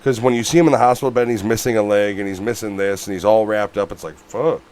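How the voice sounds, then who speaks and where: A man with a lowish voice talks fast as co-host of a casual movie review podcast. He's blunt, swears often, and gets worked up into animated rants.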